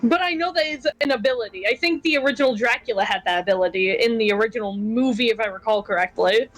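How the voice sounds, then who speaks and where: A woman's voice: a little high, fast talker, poor audio. A woman chatting casually with her tabletop group and laughing often. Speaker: player. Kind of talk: casual chat among tabletop players.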